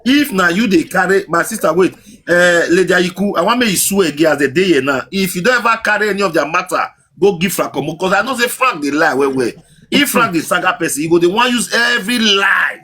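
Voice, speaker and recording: A man's voice: high-pitched, expressive, a little fast, pushed and bright, slight background noise. A Nigerian man hosting a live chat, cutting in and coaxing his guest. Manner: interjecting, coaxing, calls her sister and madam. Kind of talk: casual live chat in Pidgin.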